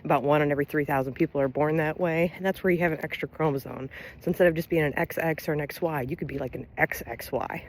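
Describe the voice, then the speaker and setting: A woman's voice: low-pitched, fast. Giggly, swearing Southern woman vlogger. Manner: laughing often, blunt and profane, bursts of emphasis. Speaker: LGBTQ resource center director and Army veteran. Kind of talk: casual direct-to-camera rant.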